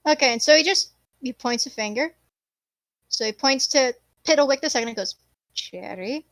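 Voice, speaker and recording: A woman's voice: high voice, a little fast, dry recording. A woman narrating a tabletop game as game master, describing scenes in a playful way.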